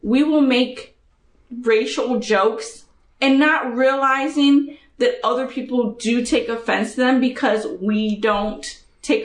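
A woman co-hosting a podcast in casual chat, blunt and animated, cursing freely as she talks. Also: mid-range voice, roomy sound. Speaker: podcast co-host.

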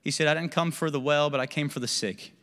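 Man, pastor, candid conversational sermon, sharp bright tone, church hall reverb. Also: on the high side, fairly even intonation, fast. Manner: candid, self-deprecating, conversational preaching. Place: church sanctuary.

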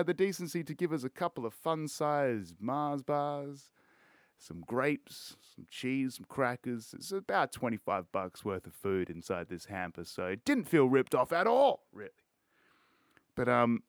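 A man's voice: mid-range voice, no room sound, clean studio sound. Laid-back, foul-mouthed Australian man. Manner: rambling, swears constantly, laid-back. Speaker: podcast host. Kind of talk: casual chat.

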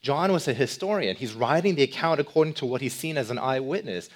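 A male pastor giving a sermon, asking rhetorical questions and moving between loud emphasis and quiet, low passages. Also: quick pace. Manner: animated, swings between loud emphasis and soft low delivery.

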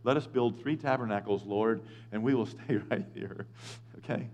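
A man preaching a conversational sermon, lively and joking, with quick asides. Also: medium pitch, dull audio. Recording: echoey hall with long reverb.

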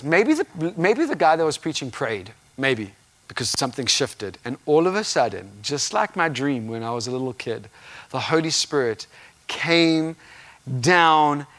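Animated man preaching a sermon. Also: a little high. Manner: animated storytelling, acts out his own reactions with laughing outbursts.

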